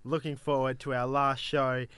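A man's voice: medium pitch, flat delivery, normal speed, a bit bright, clear, resonant tone, dry recording. An Australian man hosting breakfast radio, upbeat and chatty with an announcer's lift. His voice sits mid-range and the studio sound is close and dry. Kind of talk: casual radio banter.

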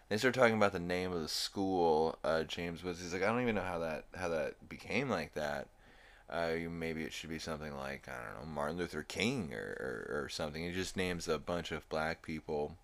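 A young adult man recapping a cartoon episode on his podcast with a very low voice. He rambles casually, laughing at the jokes and filling pauses with ums and uhs. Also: fairly bright tone. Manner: rambling, filler-heavy, amused. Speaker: podcast host.

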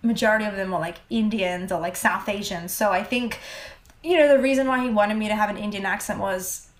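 A woman's voice: mid-range voice, fairly quick. A young Australian woman, an actor, chatting casually with lots of fillers. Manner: chatty, filler-heavy, animated. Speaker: actor, guest. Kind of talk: casual chat. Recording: roomy echo.

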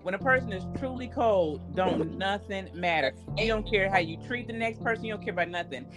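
A woman co-hosting a casual faith conversation, talking in a lively, joking way. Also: mid-range voice, fast talker. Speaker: podcast co-host. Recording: guitar music underneath.

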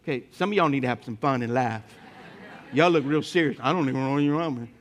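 A man preaching a sermon, telling humorous personal stories to his congregation and swinging between loud emphatic points and quiet asides. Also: mid-range voice, fast. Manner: lively storytelling with humor, speaking to the congregation. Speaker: pastor.

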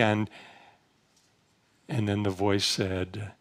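Monastic speaker addressing a convocation, mid-pitched male voice, gentle and unhurried. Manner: storytelling, gentle, frequent fillers and soft laughs; slows to a measured, guiding pace for meditation instructions. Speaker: monastic spiritual leader giving a talk. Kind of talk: informal spiritual talk to a gathering.

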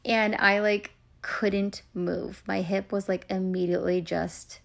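A woman in her thirties, a podcast host and coach, tells stories in a chatty, self-deprecating style packed with fillers. Her medium-pitched voice is level in tone, slow-paced, and has vocal fry. The feel is casual chat.

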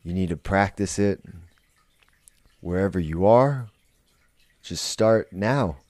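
Male podcast host, deep dark voice, unhurried, swears freely, rambles and restarts. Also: no echo. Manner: blunt, profane, rambling with restarts. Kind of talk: casual monologue.

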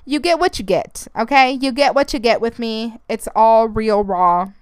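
Young female podcast host, rambling and swearing, drops in Spanish phrases, smooth voice, dry close sound. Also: a little high, normal speed, no echo. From Arizona, United States. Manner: chatty and rambling, swears, mixes in Spanish phrases, laughs often. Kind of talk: casual solo podcast rant.

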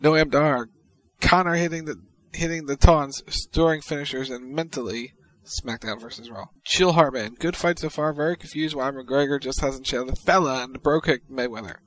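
A man's voice: medium pitch, moderate pace, poor audio. A man co-hosting a podcast, casually reading social media posts aloud. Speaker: podcast co-host.

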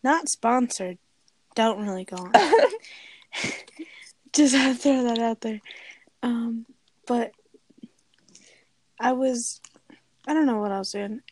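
A young woman co-hosting a podcast, chatting casually with frequent giggles and drawn-out fillers into a close mic. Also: fairly high pitch, expressive, a little mellow. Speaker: podcast co-host. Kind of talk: casual chat.

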